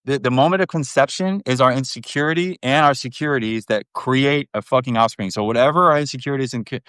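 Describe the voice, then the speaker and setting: A man's voice: medium pitch, quick pace, fairly bright tone, clean tone, dry recording, clean studio sound. A man in his thirties talking candidly as a podcast guest, frank and rambling, with plenty of swearing. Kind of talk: candid casual conversation.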